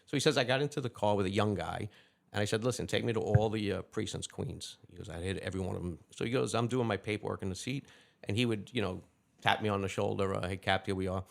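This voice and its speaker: A retired lieutenant with a lowish, gravelly voice appears as an interview guest in a casual setting. He rattles off lively anecdotes at speed, slipping into quick quoted dialogue for the people in them.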